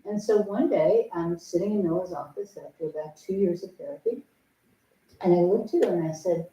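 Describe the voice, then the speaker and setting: A distant mic catches an older woman's lowish, mellow voice in a muffled recording, echoing through a temple meditation hall. Speaking at normal speed as a Zen teacher, she gives a dharma talk built around a personal story, told with frank humor and acted-out bits of remembered conversation.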